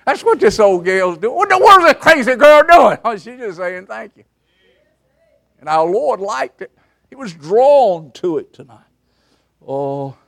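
A man preaching with a drawl, his voice sitting a little high for a man. He stretches his words out slowly and leans on each one. He lurches from loud cries to near-whispers. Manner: dramatic, swinging between loud outbursts and hushed asides. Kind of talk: revival sermon. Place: camp meeting service.

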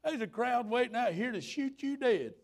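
A high-pitched man in his fifties preaches with folksy fervor. His voice swoops widely, and at its peaks he breaks into shouts. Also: lively intonation, moderate pace. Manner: fervent, folksy, rising to shouts. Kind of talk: revival sermon.

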